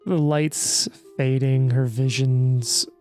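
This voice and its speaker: A man running a tabletop game as game master, wry and apologetic, talking quickly with frequent restarts. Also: medium pitch, fairly even intonation, darkish tone, soft background music.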